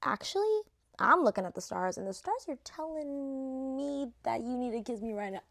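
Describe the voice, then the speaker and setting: A woman's voice: sits high, lively intonation, normal speed, creaky, a bit bright, exaggerated voice. A woman acting out a pushy young man who keeps pressing for a kiss, in her own everyday voice.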